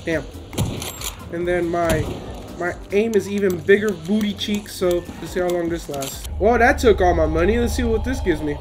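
A young man giving gameplay commentary, excitable, swearing and yelling at the game, on a headset. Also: high voice, normal speed, slight background noise. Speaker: gamer. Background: game music.

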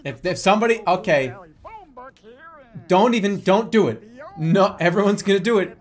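A man streaming a video game, giving excitable live commentary and laughing often. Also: sits high, moderate pace.

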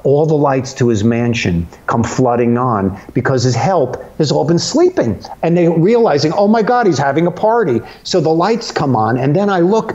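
Animated storytelling man on a dull line. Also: mid-range voice. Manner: lively, acts out voices in anecdotes. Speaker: comedian guest. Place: home.

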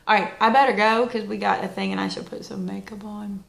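A woman giving casual, chatty wellness advice as a vlogger, folksy and lively with plenty of asides. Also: medium pitch, fairly quick, creaky, reverberant. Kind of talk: casual motivational talk.

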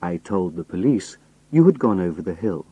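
A man voicing a calm, menacing old male villain who speaks quietly and without hurry. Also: low-pitched, moderate pace, slightly rough, no room sound, highs cut off, exaggerated voice. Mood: cold, calm.

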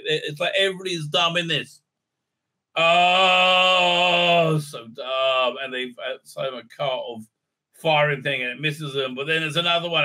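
Male reviewer, sarcastic and mocking, with a very bright, tense tone and a slightly high voice. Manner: sarcastic, mocking, slips into silly put-on voices. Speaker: show host reviewing a TV episode. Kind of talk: casual recap and review.

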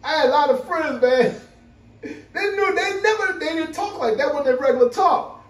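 Animated laughing man vlogging. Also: extremely high pitch, moderate pace. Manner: animated, laughing, full of "you know". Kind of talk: casual chat to camera. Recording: roomy, from a distance.

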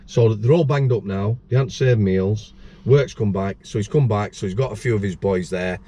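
On a lo-fi recording, the show's host, a middle-aged man who used to be a prison officer, speaks at normal speed in a warm, lowish voice. He chats casually through rambling stories, frequently starting over and doing voices for the people in them.

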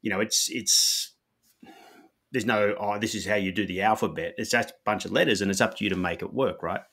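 Deep, bright-toned host explaining. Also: male voice, a little fast. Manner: assured, explanatory. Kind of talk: casual interview chat.

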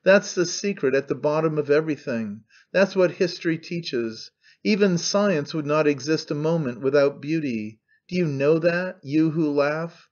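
A man voicing an excitable, pompous old male orator who declaims grandly and defiantly. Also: fairly high pitch, normal speed, dull audio, lightly acted. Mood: declaiming.

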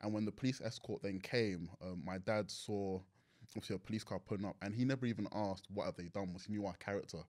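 A young man with a London accent, a podcast guest telling stories in an animated way and laughing often. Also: on the low side, quick pace. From England. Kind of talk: casual interview chat.

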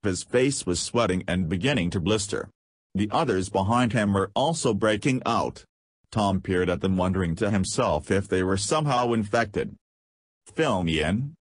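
Low, husky male audiobook narrator. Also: moderate pace, no echo. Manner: reads dialogue aloud with profanity.

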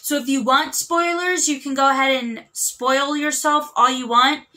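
A woman's voice: high-pitched, fairly even intonation, a little slow, sharp tone, slight background noise. A young woman chatting casually as a book vlogger, rambling with lots of fillers and restarts. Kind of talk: casual chat.

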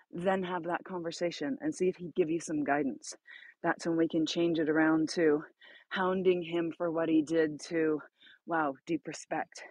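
A woman's voice: on the low side, dry recording. Encouraging woman giving advice. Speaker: co-moderator sharing advice. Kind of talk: conversational advice talk.

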